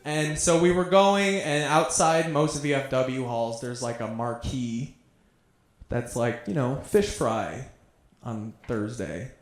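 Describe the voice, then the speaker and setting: A man's voice: mid-range voice, takes it slowly. A man doing a stand-up set, telling crude stories in a conversational way. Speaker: stand-up comedian. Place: comedy club stage. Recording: roomy club sound.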